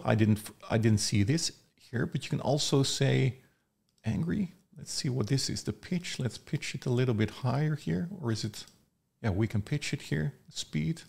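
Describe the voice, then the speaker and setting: A man casually demonstrating software, chatty and thinking aloud. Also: mid-range voice, creaky, slightly rough. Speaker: software reviewer. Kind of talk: casual screen-recorded tutorial.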